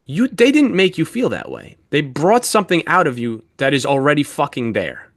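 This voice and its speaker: Animated swearing podcast man. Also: a little high, normal speed, no echo, studio quality. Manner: animated, heavy swearing, storytelling. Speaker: podcast co-host. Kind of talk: casual chat.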